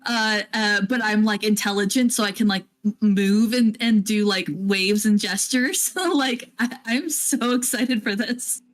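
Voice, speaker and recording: A woman at a mid pitch, chatting as a player in a tabletop game. She comes across as giggly and eager, and her speech is full of filler words. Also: unhurried, hardly any pauses. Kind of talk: casual tabletop play.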